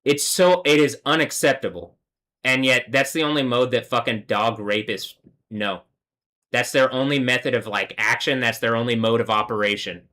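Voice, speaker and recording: A man rants on his own livestream in a heated, profane tirade that keeps circling back to the same insults. His voice is forceful and bright, pushing hard through each line. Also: mid-range voice, steady tone, moderate pace. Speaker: livestream host. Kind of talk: angry livestream rant.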